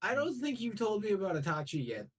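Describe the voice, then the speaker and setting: A woman's voice: medium pitch, very animated, quick pace. A woman playing in a tabletop role-play, asking the game master questions. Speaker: player.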